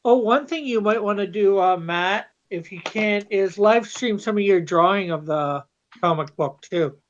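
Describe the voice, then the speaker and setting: A man's voice: sits high, a little slow, muffled recording, a little hiss or hum. A man and comic artist in a group call, casual and friendly, offering advice.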